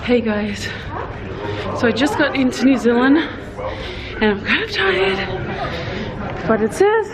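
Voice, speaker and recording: A woman's voice: high voice, big pitch swings, unhurried, long pauses, a crowd in the background. A woman vlogging casually to camera while travelling, chatting to her viewers. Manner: chatty, addresses viewers as guys. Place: travelling through airport and outdoors. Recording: noisy background.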